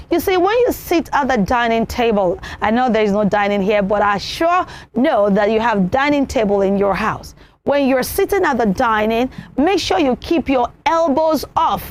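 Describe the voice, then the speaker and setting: Woman, high voice, kids' TV presenter, animated, repeats herself. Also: normal speed. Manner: animated, repeats points, acts out examples. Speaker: children's TV presenter. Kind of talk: teaching children on television.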